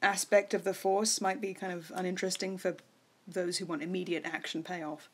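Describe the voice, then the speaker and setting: A woman co-hosting a podcast, talking about a film in a relaxed, wry, offhand way. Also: lowish voice, moderate pace, husky. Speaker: podcast co-host. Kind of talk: casual film discussion.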